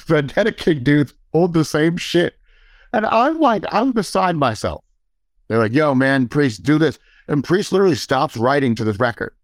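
A man's voice: medium pitch, dry recording. Profane man telling a story, dry sound. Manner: profane, animated anecdote with laughs and quoted dialogue. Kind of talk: casual storytelling.

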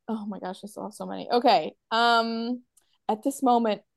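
A woman's voice: a little high, steady tone, normal speed, creaky, no echo. A woman hosting a podcast quiz among friends, talking casually, laughing often and acting out quoted lines. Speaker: podcast host running a quiz. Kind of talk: casual chat between friends.

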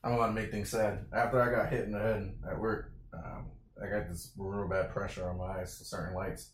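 A man's voice: on the low side, level tone, brisk, slight background noise. A man co-hosting a casual podcast, talking loosely and emphatically with heavy slang and swearing. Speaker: podcast co-host. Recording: echoey room.

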